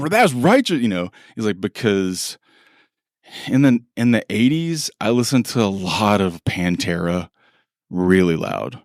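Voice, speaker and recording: Animated low-voiced man telling stories. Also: smooth, dry recording, studio quality. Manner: animated, acts out quoted dialogue, laughs often. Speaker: podcast co-host. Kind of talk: casual conversational storytelling.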